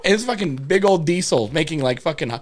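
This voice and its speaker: A man's voice: on the high side, noisy background. A man telling a long, rambling story in a casual podcast chat, swearing a lot and correcting himself as he goes. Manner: rambling and animated, heavy swearing, quick self-corrections.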